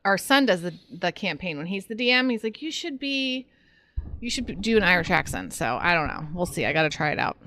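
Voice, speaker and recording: A woman's voice: on the low side, lively intonation, a little fast, pushed and bright, a little hiss or hum. A woman co-hosting a livestream talk show from the United States, chatting casually and giggling as she greets viewers by name.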